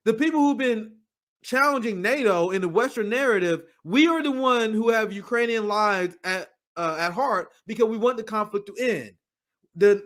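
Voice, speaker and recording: A man's voice: sits high, fairly bright tone. A man hosting a casual political commentary show, talking in a heated, blunt way and swearing freely. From United States.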